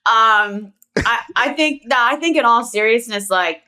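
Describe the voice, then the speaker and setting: Woman analyst, Philly accent, bright and forceful voice, chatty. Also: a little high, animated, unhurried. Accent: Philadelphia. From Philadelphia. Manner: chatty, filler-heavy, laughs easily. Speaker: basketball analyst. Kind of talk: casual sports talk.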